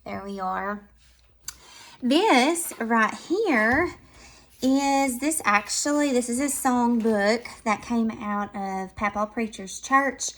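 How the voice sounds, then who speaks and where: A woman's voice: fairly high pitch, takes it slowly. Chatty Southern woman touring her home decor. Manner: chatty and affectionate, drifting between soft and lively. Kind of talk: casual home decor tour.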